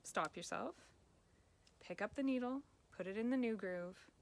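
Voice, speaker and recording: A woman life coach giving gentle, encouraging self-help advice straight to the viewer. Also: medium pitch, a little slow, gravelly.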